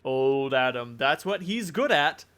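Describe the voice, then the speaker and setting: A man voicing a suave, cryptic male schemer in a tabletop game, with a smooth, knowing delivery. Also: medium pitch, sing-song, unhurried, a bit bright, a little hiss or hum. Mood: assured.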